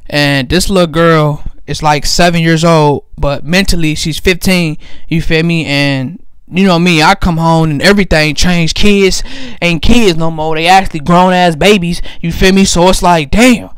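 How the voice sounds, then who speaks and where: A man's voice: on the high side, fairly even intonation, normal speed, fairly bright tone, clean tone, no echo, clean studio sound. A young man telling crude, rambling comic stories about his family, swearing heavily, laughing often and repeatedly asking if you feel him. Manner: swears a lot, breaks into laughter. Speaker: comedian. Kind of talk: profane comedic storytelling monologue.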